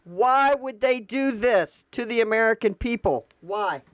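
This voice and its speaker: A woman's voice: fairly high pitch, lively intonation, measured pace, no echo. A woman vlogging political commentary, reading excerpts aloud and reacting, heated and indignant, repeating lines for emphasis.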